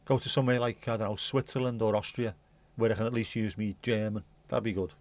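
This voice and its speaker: A man's voice: on the low side, fairly even intonation, fast talker. A man hosting a casual livestream, rambling and chatty, swearing casually and humming little tunes. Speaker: livestream host.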